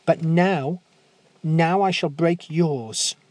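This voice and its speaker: Brief: soft-spoken, steady young prince, slightly lifted pitch, voiced by a male narrator. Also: no echo. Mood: resolute. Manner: quiet, measured, firm. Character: young prince, quietly resolute boy hero.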